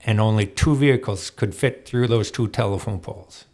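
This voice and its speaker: A man telling racing stories as an interview guest in a studio, animated and laughing often as he acts out other people's lines. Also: lowish voice, normal speed. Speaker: guest, off-road racer. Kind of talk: storytelling interview chat.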